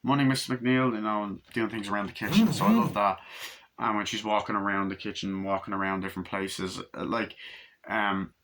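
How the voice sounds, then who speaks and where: A young man talks through a film review in a loose, rambling way, full of fillers and casual swearing. His voice sits fairly low but sounds bright and forceful. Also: fairly quick.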